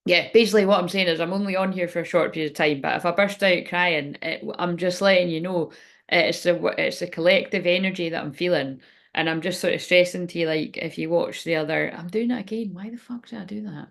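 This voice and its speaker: A woman's voice: lowish voice, steady tone, a little fast. A woman speaking as a spiritual reader in a rambling, frank livestream chat, swearing now and then.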